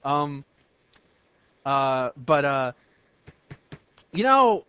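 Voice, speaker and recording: A man co-hosting a podcast, talking in an excitable, argumentative way. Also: medium pitch, drawn-out words, clear, resonant tone, lo-fi sound. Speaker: podcast co-host. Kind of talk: casual chat.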